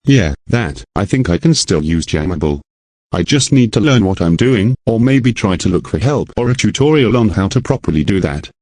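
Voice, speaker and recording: A man's voice: on the low side, animated, normal speed, darkish tone, no echo. A synthetic text-to-speech male voice co-hosting a casual podcast chat. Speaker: podcast co-host.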